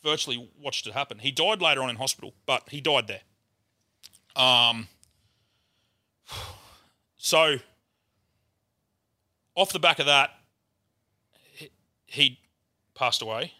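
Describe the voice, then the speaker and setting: A man's voice: medium pitch, slow, pauses often, bright, forceful tone, dry recording, clean studio sound. An Australian man telling a rambling, swear-filled story as a guest on a casual podcast chat.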